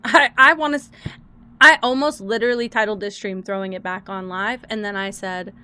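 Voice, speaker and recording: A woman's voice: mid-range voice, fairly even intonation, a little fast, sharp tone, clean tone. A woman game streamer chatting casually with viewers, exasperated, swearing and laughing at her own troubles. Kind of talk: casual live-stream chat.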